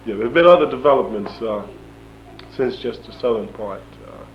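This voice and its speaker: A man's voice: medium pitch, brisk. Young man telling a story on old tape. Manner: animated, chuckling often, acts out dialogue. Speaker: interviewee. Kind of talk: storytelling in an interview. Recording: dull lo-fi archival tape with faint hum.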